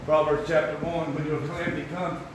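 Preacher man shouting in an echoey hall. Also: on the high side, level tone. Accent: Southern US. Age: older. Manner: shouting, drawn-out exhortation with folksy asides. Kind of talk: sermon. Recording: echoey room with faint noise.

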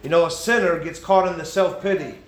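A man preaching a sermon as pastor, impassioned, swinging between loud and hushed. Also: fairly high pitch, fairly quick, slight background noise. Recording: echoey room.

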